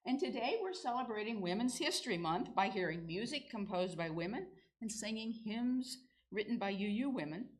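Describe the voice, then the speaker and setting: A woman's voice: medium pitch, lively intonation, normal speed, low-quality recording. An older woman leading a church service in a sanctuary, friendly and lightly informal as she welcomes people. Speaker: worship leader.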